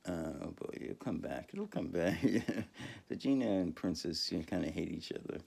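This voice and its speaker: Gravelly low-voiced man rambling. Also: animated, normal speed, a little mellow. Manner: rambling, profane, lots of fillers and self-laughs. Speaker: podcaster. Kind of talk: casual monologue storytelling.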